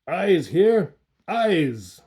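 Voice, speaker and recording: A man's voice: medium pitch, animated, measured pace, a little mellow. A man voicing a cruel, gloating old male alchemist in a storybook reading, with a harsh, grating voice that hisses and lisps. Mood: roaring. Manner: hissing, lisping, roaring at times.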